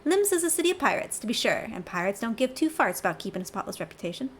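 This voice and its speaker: A woman's voice: on the high side, very animated, fast talker, a little hiss or hum. Woman putting on a brash Southern pirate boss. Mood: gruff teasing. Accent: put-on American Southern. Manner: gruff, bawdy, teasing. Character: brash rough-talking male pirate guild boss. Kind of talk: reading game dialogue aloud on a stream.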